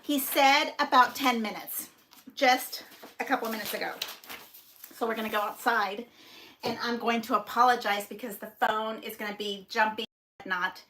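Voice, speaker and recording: A woman hosting a paper crafting livestream from her home craft room, chatting excitedly and gushing to viewers, recorded on a phone. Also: fairly high pitch, moderate pace, slight background noise. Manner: bubbly, gushing, squealing with excitement. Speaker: paper crafting channel host. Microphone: phone on a stand.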